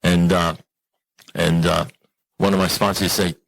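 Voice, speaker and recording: A man telling a humorous personal recovery story to an audience in an animated, self-mocking way, often turning to the listeners with questions. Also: a little slow, vocal fry, rough recording. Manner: animated, self-mocking, with sudden jumps in pitch; conversational, asks the audience questions. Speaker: recovery meeting speaker.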